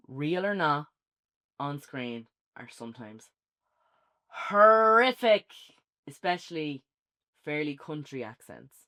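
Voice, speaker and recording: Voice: mid-range voice, a bit bright. An Irish speaker co-hosting a casual film review, chatty and rambling with many fillers.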